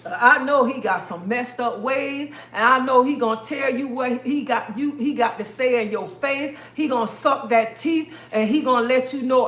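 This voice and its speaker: A woman's voice: fairly high pitch, normal speed, few pauses, a bit bright. A woman hosting a live stream, talking straight to her viewers in an emphatic, repetitive way and calling them honey and baby. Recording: echoey room.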